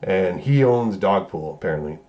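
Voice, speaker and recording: A man's voice: sits low, lively intonation, normal speed, highs cut off. A man reviewing a movie, casually recapping scenes in a loose, profane way and correcting himself as he goes. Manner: loose, profane, rambling retelling with self-corrections.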